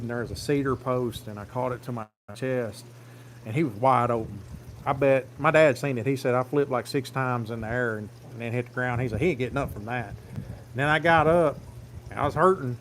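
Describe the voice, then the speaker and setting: A man's voice: medium pitch, a little hiss or hum. A man, telling a rambling, plain-spoken farm story on a phone livestream. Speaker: farm vlogger. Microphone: phone camera.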